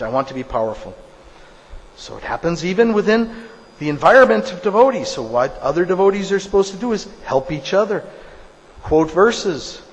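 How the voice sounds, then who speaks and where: In a fairly high, emphatic voice, a man delivers a sermon, telling stories and driving his points home through repeated phrases. A long hall reverb trails after his words.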